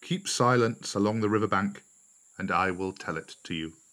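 Narrator doing an old elephant, deep, quiet, grave, storybook. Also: male voice, normal speed, close to an everyday voice. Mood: solemn. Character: old, wise male elephant, calm master of the jungle.

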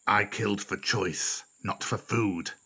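Narrator doing a villain tiger, low, smug, quiet, storybook. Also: male voice, takes it slowly, slightly rough, exaggerated voice. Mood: boastful. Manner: cool and smug. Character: cruel, boastful lame male tiger.

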